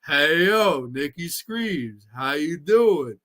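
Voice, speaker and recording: A man putting on a mumbling, brash tough-guy movie-star voice with a slow, slurred drawl. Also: on the high side, lively intonation, fairly bright tone. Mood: tough swagger.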